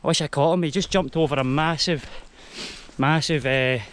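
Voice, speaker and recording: A man's voice: on the high side, normal speed, a bit bright, clear, resonant tone. A young man with a Scottish accent, chatting casually to the camera as he walks up a mountain trail outdoors. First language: Spanish heritage only, English first. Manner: chatty, talks to the camera while walking uphill. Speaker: hiking vlogger. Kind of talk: casual walk-and-talk to camera.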